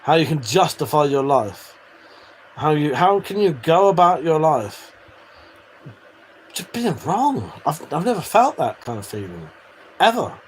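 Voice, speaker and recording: A British man talking to his live-stream chat in a loose, teasing way, swearing freely. His voice sits a bit high for a man and jumps around a lot as he banters. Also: sing-song, measured pace, long pauses, slight background noise. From United Kingdom.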